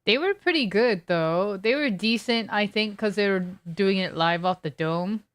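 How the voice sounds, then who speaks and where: Chatting with viewers as she plays a video game, a young woman spins a long, meandering story packed with fillers and restarts. She speaks at a medium pitch and moderate pace, expressively, with no echo.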